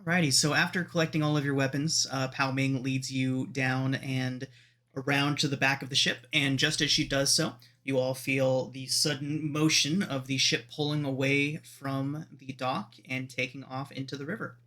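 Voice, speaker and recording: A man guiding players through a tabletop game as game master. He narrates scenes in an easygoing, descriptive way, with a bright, forceful tone at a middling pitch. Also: little pitch movement, moderate pace.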